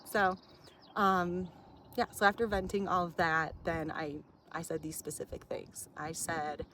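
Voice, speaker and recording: A woman's voice: fairly low pitch, flat delivery, measured pace, a bit bright, slight background noise. A woman vlogger telling a personal story outdoors in a chatty way, full of fillers, frequent laughs and swearing.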